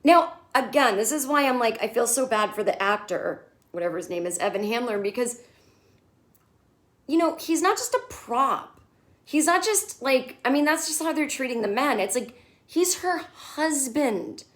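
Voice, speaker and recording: A woman comedian hosting a casual comedic TV recap, animated and sarcastic, who swears freely. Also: on the high side, normal speed.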